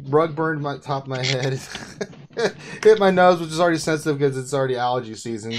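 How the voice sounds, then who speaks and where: A man hosting a casual livestream chat, telling stories in an excitable way and laughing often. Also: a little high, fairly quick, background noise. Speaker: host.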